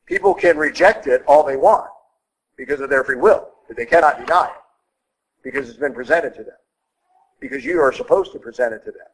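A middle-aged male priest preaching a sermon in a blunt, folksy way, with sudden jumps up in pitch for emphasis. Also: huge pitch swings, brisk, creaky, breathy edge, poor audio.

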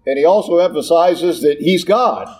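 A man teaching Catholic doctrine in an animated sermon, asking rhetorical questions and repeating key words for emphasis. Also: fairly high pitch, moderate pace, slightly rough.

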